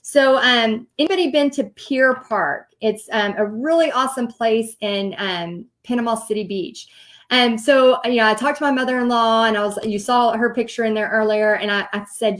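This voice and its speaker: Thirties Southern woman host, animated and chatty, somewhat high voice. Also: normal speed. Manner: animated, chatty, many ums and likes. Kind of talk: casual storytelling livestream.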